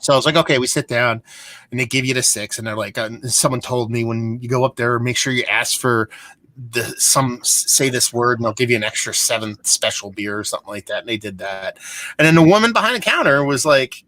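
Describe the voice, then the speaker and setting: A man's voice: mid-range voice, brisk, pushed and bright, no room sound. Rambling man from Pennsylvania swapping beer stories. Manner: rambling storyteller, frequent swearing and restarts. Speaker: beer show host. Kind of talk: casual live-stream chat.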